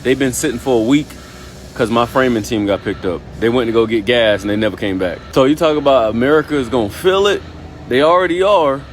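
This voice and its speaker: A man's voice: mid-range voice, expressive, fairly quick. Angry guy on a call-in voicemail, swearing, slangy, bit of noise behind. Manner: heated, profane, slangy. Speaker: caller.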